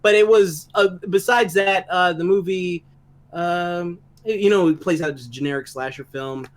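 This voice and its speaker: A man with a somewhat high voice, chatting on a live podcast. He rants in an animated, loose way and swears often. Casual home-mic talk. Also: moderate pace. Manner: animated ranting with frequent profanity. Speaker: podcast co-host. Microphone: home microphone, live online show.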